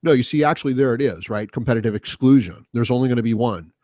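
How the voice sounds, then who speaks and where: A man's voice: mid-range voice, fast, warm tone, no echo. A man hosting a solo podcast, ranting casually in a rambling, profane way with lots of fillers. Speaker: podcast host.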